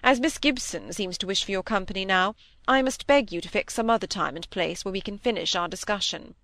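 A woman voicing a cold, sneering gentleman suitor in a measured, formal tone. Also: mid-range voice, no echo, close to an everyday voice.

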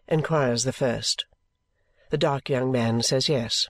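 A man reading a novel aloud as an audiobook narrator, with a measured, even delivery. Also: mid-range voice, no echo. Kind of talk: scripted narration.

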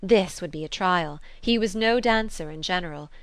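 A woman narrating an audiobook of a classic novel in a measured, even manner. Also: on the low side, no echo.

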